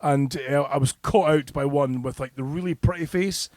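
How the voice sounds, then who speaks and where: A man's voice: fairly high pitch, moderate pace, a little mellow, no echo. A middle-aged Scottish man telling a rowdy anecdote on a podcast, swearing freely and laughing between lines. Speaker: podcast co-host. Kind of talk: casual podcast chat.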